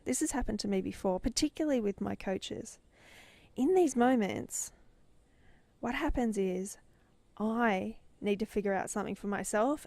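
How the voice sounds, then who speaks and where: A middle-aged woman who hosts a podcast and mentors businesses shares a personal story, intensifying as she goes with a voice that swells at its peaks. Her voice is medium-pitched and a little mellow, in a dry recording.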